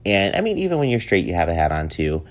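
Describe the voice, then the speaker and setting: A man in his thirties hosts his own podcast alone, with a low, deep voice. He talks in a loose, chatty way and laughs often as he goes along. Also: huge pitch swings, quick pace. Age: 30s. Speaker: podcast host. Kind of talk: casual solo podcast talk.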